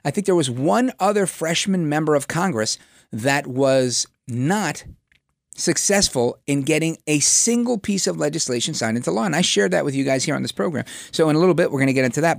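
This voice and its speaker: A man's voice: a little high, creaky, dry recording, clean studio sound. A man hosting a political talk program, delivering a sarcastic, mocking commentary monologue. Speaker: radio show host.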